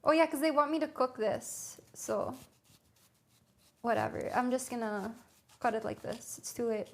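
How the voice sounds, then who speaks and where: In a relaxed cooking stream from her home kitchen, a young woman talks to viewers and thinks aloud as she reads a recipe. Her pitch is fairly high and her pace moderate, with slight background noise present.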